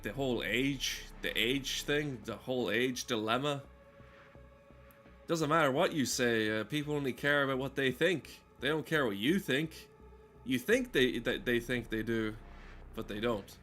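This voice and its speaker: A man rambles in deadpan casual chat while streaming a game. He stalls often and wanders between thoughts. His voice sits at an average pitch for a man. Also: a little slow, long pauses, soft background music. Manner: deadpan, rambling, heavy with "uh" fillers.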